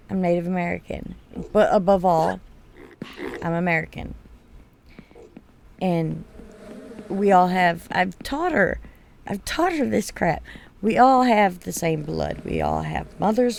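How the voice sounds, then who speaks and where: Slow, gravelly-voiced woman telling stories. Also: fairly low pitch, darkish tone, a little hiss or hum. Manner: blunt, swears freely. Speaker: gaming streamer. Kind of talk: casual storytelling over gameplay.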